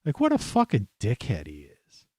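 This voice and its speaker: A man's voice: medium pitch, wildly swooping pitch, moderate pace, mellow, slightly rough, no echo, clean studio sound. A man from the United States, hosting his own show, delivering an angry, rambling monologue full of swearing and fillers. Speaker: podcast host. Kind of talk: profane ranting monologue.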